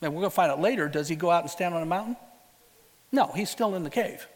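A man preaching a sermon, retelling a story with lively rhetorical questions and a casual, conversational way of talking. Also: high-pitched, fast, long reverb tail.

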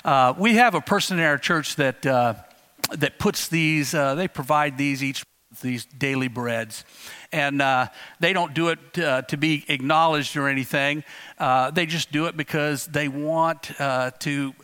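A man preaching a conversational sermon as pastor, telling a story in a relaxed, rambling way with frequent fillers and restarts. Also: a little high, measured pace, clear, resonant tone.

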